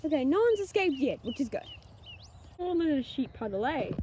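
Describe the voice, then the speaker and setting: A woman's voice: high-pitched, very animated, fairly quick, dark tone, slight background noise. A young New woman filming a casual farm vlog on a handheld camera in a paddock, chatting and giggling at the lambs. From New Zealand. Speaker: vlogger. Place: outdoors in a paddock among sheep. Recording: outdoor camera audio with bleating sheep. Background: bleating sheep and lambs.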